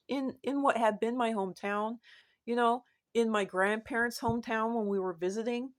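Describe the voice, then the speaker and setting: Woman, casual vlog monologue, rambling, repeats herself, animated lifts in pitch. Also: moderate pace. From United States. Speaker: vlogger.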